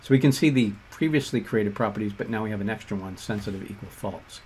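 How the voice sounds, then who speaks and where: A man with a Boston accent explaining code step by step in a relaxed tutorial. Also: lowish voice, quick pace, slight background noise. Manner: relaxed explanatory walkthrough with fillers and asides. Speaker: instructor. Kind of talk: screen-share coding tutorial.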